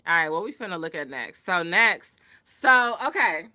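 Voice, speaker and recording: Bright-voiced excitable woman sports host. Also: on the low side, normal speed. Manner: excitable, slangy, hyped reactions. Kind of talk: casual sports commentary chat.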